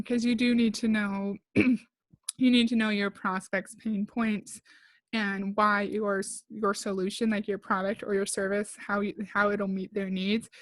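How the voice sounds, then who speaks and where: A woman's voice: medium pitch, no room sound. Female reaction commentator, blunt and sarcastic, dry close-mic sound.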